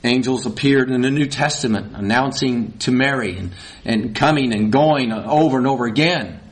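A man delivers a folksy, animated sermon at a moderate pace, saying "y'all" and rising to high, emphatic peaks.

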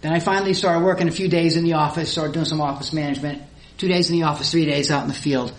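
A middle-aged woman giving a personal testimony in a church hall, telling her story with lively acted-out dialogue. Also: low voice, fast. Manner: animated storyteller who acts out her own past dialogue. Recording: roomy echo, faint background noise.

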